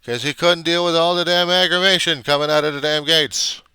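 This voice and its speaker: A man's voice: fairly high pitch, steady tone, a little fast, pushed and bright, smooth, dry recording. An older man, a reverend, ranting in a rambling, indignant way and swearing often. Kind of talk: casual rant on camera.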